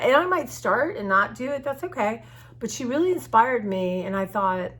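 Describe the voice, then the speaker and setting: Husky-voiced woman rambling to viewers. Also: a little high, lively intonation, normal speed, fairly bright tone. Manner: rambling, open-hearted, talks in restarts and fillers. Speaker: art journaling vlogger. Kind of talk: casual chat to viewers. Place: at home.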